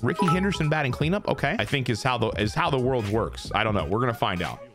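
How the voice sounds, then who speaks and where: A man's voice: fast, music in the background. A man streamer giving casual, joking, profane commentary while playing a baseball video game. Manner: animated, joking and profane, pitch swinging widely. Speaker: gaming streamer.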